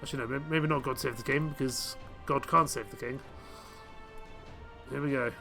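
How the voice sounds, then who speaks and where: A man's voice: medium pitch, steady tone, normal speed, creaky, sharp tone, soft background music. A man streaming a game live, chatting casually and thinking aloud with self-mocking asides. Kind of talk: casual live gameplay commentary.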